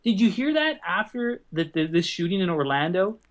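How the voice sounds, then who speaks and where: A man with a slightly high voice riffs on a comedy podcast. He talks in an animated, loose way and swears often, sometimes dropping into mocking put-on voices. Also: normal speed. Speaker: podcast co-host. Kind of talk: casual comedic chat. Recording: livestream call audio.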